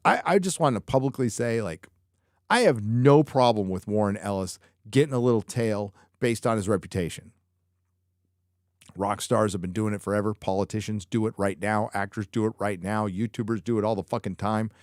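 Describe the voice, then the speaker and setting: Low-voiced, foul-mouthed male stream host. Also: moderate pace, a little mellow, no echo, clean studio sound. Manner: profane, rambling, joking. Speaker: live show host answering viewer chat. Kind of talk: casual live-stream chat.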